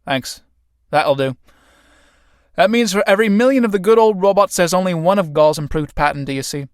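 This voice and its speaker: A man's voice: high-pitched, brisk, clean tone, no room sound, studio quality, close to an everyday voice. A man voicing a wry, talkative male company manager in a read-aloud play.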